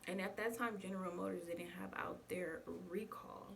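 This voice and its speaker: A woman's voice: lowish voice, fairly even intonation, moderate pace, creaky, a bit bright. A young woman chatting casually to her viewers, telling a story and calling them y'all. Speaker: vlogger. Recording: distant mic with faint background noise.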